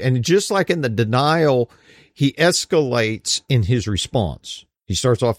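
A man's voice: mid-range voice, sing-song, a little slow, dry recording. A man teaching a Bible study in a casual, conversational way, with folksy slang and frequent "you know.".

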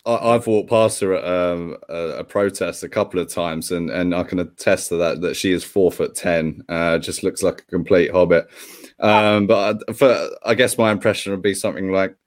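A man's voice: low voice, steady tone, normal speed. A man speaking as a guest on a livestream panel chat, in a casual, wry way.

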